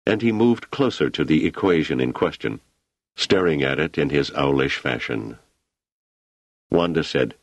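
Deep, husky man reading a story aloud. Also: normal speed, no echo. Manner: expressive, dramatic reading. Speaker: narrator. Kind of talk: audiobook narration.

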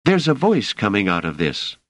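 A man putting on a calm, steady young woman. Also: lowish voice, normal speed, no room sound, pitched above the performer's own voice. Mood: matter-of-fact.

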